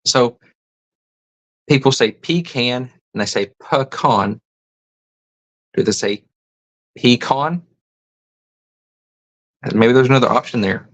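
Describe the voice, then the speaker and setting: A man's voice: mid-range voice, fairly even intonation, brisk, long pauses, poor audio. A man hosting a casual livestream, reading chat comments aloud and musing over them. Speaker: host.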